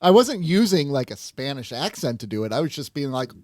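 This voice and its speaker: A man co-hosting a casual podcast, joking and poking fun at himself as he talks. His voice sits at an ordinary middle pitch. The sound is close and dry, with no room around it. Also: very animated, brisk, dry recording. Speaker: podcast co-host. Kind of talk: casual chat.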